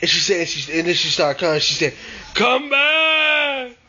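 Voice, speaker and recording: A man's voice: on the high side, fairly even intonation, fast talker. A man casually telling a spooky story and acting out his own screams, recorded on a dull lo-fi mic with faint noise behind. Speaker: vlogger.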